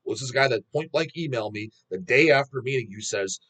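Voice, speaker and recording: A man's voice: medium pitch, animated, fast talker, fairly bright tone. A man hosting a metal channel, ranting bluntly in a rambling, profanity-heavy vlog monologue.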